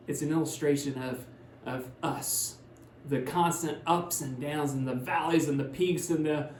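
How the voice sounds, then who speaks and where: A man preaching a sermon, retelling a Bible story in a conversational way, his voice swinging between loud and hushed. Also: on the high side, roomy sound, slight background noise. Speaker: pastor. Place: church sanctuary.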